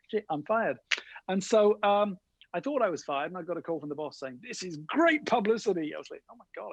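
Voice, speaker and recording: A middle-aged man telling lively anecdotes in an interview, acting out the voices of the people he quotes. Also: on the high side, no echo, poor audio. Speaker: guest innovation speaker. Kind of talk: animated storytelling interview.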